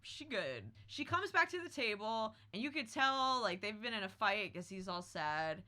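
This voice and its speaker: A woman's voice: mid-range voice, normal speed, pushed and bright. A woman hosting a podcast, telling a story in casual chat with a brash, profane, dramatic manner. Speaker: podcast host.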